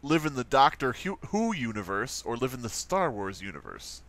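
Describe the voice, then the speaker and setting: Male co-host, casual banter, very animated pitch, quick to laugh. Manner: joking, lively, laughs often. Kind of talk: casual chat.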